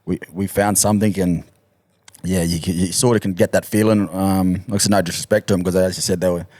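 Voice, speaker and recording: A man, a rugby league player and podcast guest, telling stories in a relaxed, halting way and laughing easily. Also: low-pitched, no echo. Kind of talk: casual storytelling chat.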